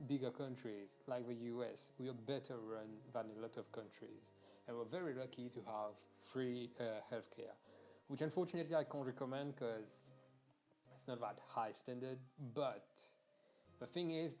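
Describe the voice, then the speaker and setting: Young man, casual streamer rant, swears, restarts sentences, mid pitch, faint music behind. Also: moderate pace, a little mellow. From Mauritius. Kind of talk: casual ranting during a game stream.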